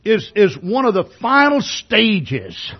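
A man preaching a sermon with a husky, slightly high voice whose pitch swings freely. He talks to the congregation conversationally, firing off rhetorical questions and stumbling over repeated words as he starts a sentence. The recording sounds dull and lo-fi. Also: wildly swooping pitch, slow. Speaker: pastor.

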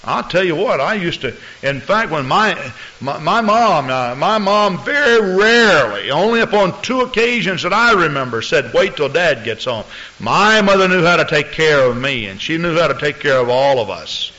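A man preaching a sermon as pastor, telling stories in an animated way and acting out the people in them. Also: fairly high pitch, normal speed, hardly any pauses. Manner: animated storytelling preacher, acts out voices. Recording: muffled lo-fi recording.

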